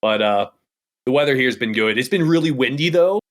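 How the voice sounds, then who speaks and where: A chatty man co-hosting a casual show, with a voice of ordinary middle pitch. He tells his stories in a loose, rambling way, full of little asides, as if talking to friends. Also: lively intonation, brisk. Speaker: co-host. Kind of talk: casual chat.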